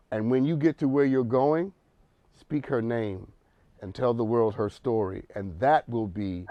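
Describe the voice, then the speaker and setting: A man's voice: medium pitch, a little mellow, no echo, dull audio. Emphatic preacherly male talk show host. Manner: emphatic, preacherly, repeats words when building. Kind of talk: pastoral counseling talk.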